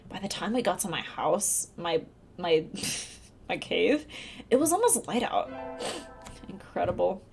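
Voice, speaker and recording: A young woman live-streaming a dating sim, commenting casually, reading lines aloud and breaking into high laughter. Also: very animated, unhurried, darkish tone. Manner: giggly, bursts into high laughter. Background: faint game music.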